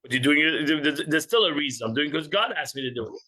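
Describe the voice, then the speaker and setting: A man's voice: on the high side, animated, fast talker, sharp tone, rough recording. A man teaching an informal religious class, joking with listeners and acting out little scenes. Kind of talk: informal class with audience banter.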